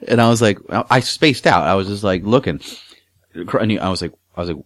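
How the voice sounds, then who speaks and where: A man telling a crude story in casual chat, swearing a lot and acting out quotes loudly. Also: lowish voice, fast, no room sound.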